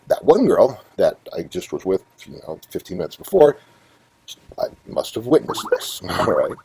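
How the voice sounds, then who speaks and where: A middle-aged man hosting his own show, telling a long story in a rambling, profane, animated way. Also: on the low side, a little hiss or hum, low-quality recording. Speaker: host. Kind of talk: casual storytelling monologue.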